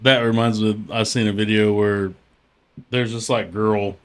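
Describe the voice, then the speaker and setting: A man's voice: fairly low pitch, level tone, normal speed. A man co-hosting a podcast, telling stories in casual chat and swearing freely. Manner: swearing, storytelling, laughs often. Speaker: podcast co-host.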